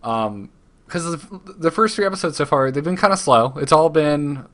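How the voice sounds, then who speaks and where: A man hosting a casual gaming podcast, chatting in an easygoing way, with halting restarts when he talks. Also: a little high, expressive, a bit bright. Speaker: podcast host.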